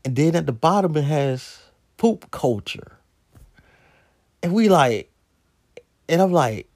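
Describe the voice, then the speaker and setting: A man with tells a funny everyday story on his podcast. His voice is gravelly and swings widely in pitch. He takes his time, laughing and drawing out his exclamations. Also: dry recording, clean studio sound. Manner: animated, laughing, drawn-out exclamations. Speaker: podcast host. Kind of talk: casual storytelling monologue.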